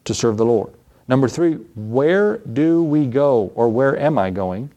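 A man's voice: lively intonation, unhurried, dark tone, highs cut off. Emphatic man preaching a sermon. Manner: emphatic, rhetorical questions with rising pitch; repeats phrases for stress. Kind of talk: evening church sermon.

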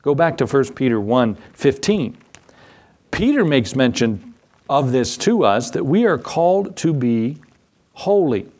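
A man's voice: mid-range voice, very animated, a little slow, darkish tone. A man pastor giving conversational Bible teaching in a folksy way, often asking his listeners rhetorical questions.

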